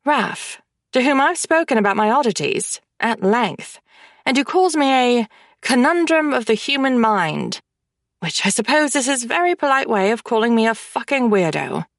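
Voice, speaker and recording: A woman narrating a first-person romance audiobook in a wry, confiding, expressive way. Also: fairly high pitch, normal speed, dry recording, studio quality.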